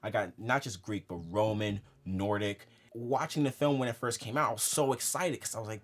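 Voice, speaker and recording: A young man co-hosting a casual film podcast, animated and laughing as he makes his points. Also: lowish voice, normal speed, hardly any pauses. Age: young adult. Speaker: podcast co-host.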